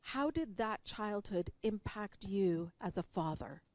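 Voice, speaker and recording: A woman's voice: medium pitch, expressive, slow pace, darkish tone, dry recording. A woman interviewing an author about his book, giving context and asking questions with playful asides. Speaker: interviewer and coach. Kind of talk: interview conversation.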